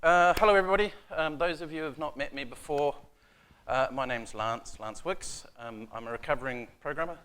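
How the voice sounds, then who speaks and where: A man's voice: a little high, brisk, a bit bright, smooth. New man giving a casual tech talk. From New Zealand. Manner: casual, self-deprecating, many ums and uhs. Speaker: conference speaker. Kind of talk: technical conference talk. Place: conference room.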